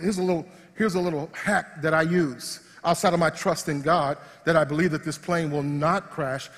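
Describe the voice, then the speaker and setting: A man preaching a sermon as pastor, swinging between loud praise and hushed, quiet asides. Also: on the high side. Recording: long hall reverb.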